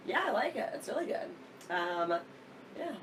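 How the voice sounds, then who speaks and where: A woman's voice: a little high, big pitch swings, moderate pace, far from the mic. A chatty woman co-hosts a casual podcast, laughing easily and trailing off mid-thought. Her voice sits a little away from the mic, with a faint hiss in the background. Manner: giggly, chatty, trails off in restarts. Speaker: podcast co-host. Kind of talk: casual chat.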